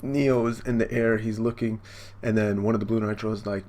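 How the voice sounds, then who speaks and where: A man's voice: lowish voice, flat delivery, fairly quick, darkish tone. A man casually reading through and reacting to a manga chapter for his channel, rambling, with many fillers and casual swearing.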